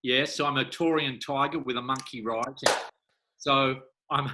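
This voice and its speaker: A middle-aged man, a hypnotherapist, talking as an interview guest and acting out little scenes with lively jumps in his voice. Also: normal speed, background noise. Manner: animated storyteller, acts out voices with big pitch jumps. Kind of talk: conversational interview.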